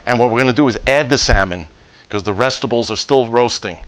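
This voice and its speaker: A man hosting a home cooking demonstration, talking through each step in a relaxed, jokey way with the odd pun. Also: mid-range voice, quick pace. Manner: relaxed, jokey, cracks puns. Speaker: cooking show host.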